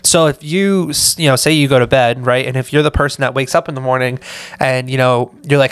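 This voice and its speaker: A man's voice: medium pitch, fairly even intonation, brisk, a bit bright, clean tone, no room sound. Tired, rambling male podcaster. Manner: rambling, many "like" and "right?" fillers. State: tired, mentally drained. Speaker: podcast host. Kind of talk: casual solo podcast monologue.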